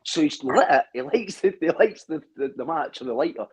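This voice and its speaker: A man's voice: fairly high pitch, lively intonation, fairly quick, a little mellow, slightly rough, low-quality recording. A man telling stories in casual chat, laughing often and swearing.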